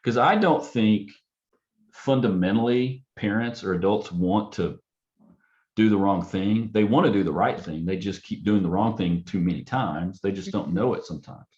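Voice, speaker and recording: A man with a low voice speaks as a counselor, loose and conversational. He slips into a gentle, curious tone to act out what he would say to parents. The sound is dull and lo-fi. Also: normal speed. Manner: acts out client and parent dialogue in a softer, curious tone. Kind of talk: casual panel talk.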